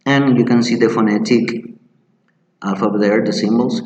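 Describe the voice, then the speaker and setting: A male English teacher, walking through a pronunciation lesson step by step, slowly modeling words and repeating them. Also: medium pitch, steady tone, darkish tone, reverberant, long reverb tail, rough recording. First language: Spanish. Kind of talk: screen-share teaching lesson.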